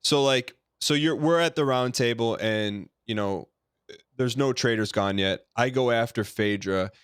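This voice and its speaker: A man's voice: medium pitch, a little slow, a bit bright, clear, resonant tone, dry recording, clean studio sound. A man hosting a podcast, asking long rambling questions full of restarts and fillers. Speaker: podcast host. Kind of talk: casual interview talk.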